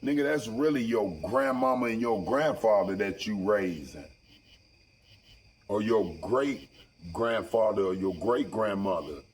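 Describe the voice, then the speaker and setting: A man's voice: lowish voice, a little slow, a little hiss or hum, poor audio. A man in a casual, profane monologue, rambling and preachy with heavy slang. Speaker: vlogger.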